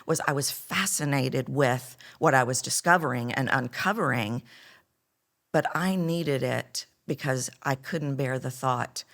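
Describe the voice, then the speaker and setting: Her voice rumbles low and runs a little slow. This middle-aged voice coach from Texas recounts her story with animation during an interview, performing each quoted line.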